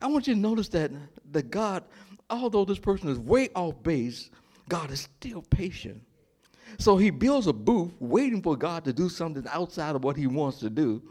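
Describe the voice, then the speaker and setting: Speaking at a moderate pace in a slightly high voice, a man preaches with animation. He poses call-and-response questions to his congregation and dramatizes the story's characters, giving the prophet and God their own dramatic voices.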